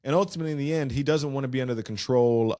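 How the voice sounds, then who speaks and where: A man with a mid-range voice retells a plot in loose, slangy podcast chat. He keeps the telling lively and animated. The sound is dry and close. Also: medium pitch, rapid-fire, dry recording. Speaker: podcast co-host. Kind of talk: casual chat recapping a musical.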